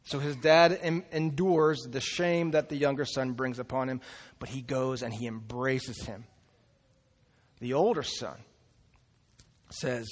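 A man's voice: a little high, moderate pace. A man preaching a sermon, telling the story with animation and acting out the characters' lines. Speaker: pastor. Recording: reverberant hall.

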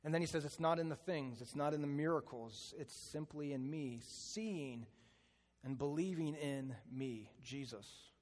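Pastor preaching in a reverberant hall. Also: male voice, on the high side. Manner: drops to a hushed, slow delivery on key phrases. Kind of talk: sermon.

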